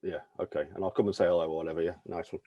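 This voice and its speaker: Male interviewer, friendly, stumbling, fast delivery, dry close sound. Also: low voice, little pitch movement, no echo, muffled recording. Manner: friendly, stumbling restarts, "mate" and "dude". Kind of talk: casual interview chat. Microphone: video call.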